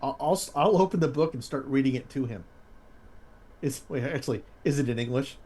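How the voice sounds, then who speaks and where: A man's voice: medium pitch, a little fast, darkish tone, husky. A man playing a tabletop game, joking and laughing often. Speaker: player. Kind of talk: casual tabletop play.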